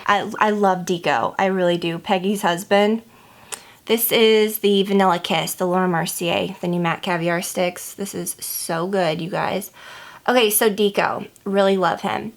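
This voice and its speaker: A woman's voice: medium pitch, fairly even intonation, unhurried, gravelly. Woman vlogger gossiping while doing her makeup, rambly, says like constantly, normal mid voice. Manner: chatty and rambling, heavy use of "like". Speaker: beauty vlogger.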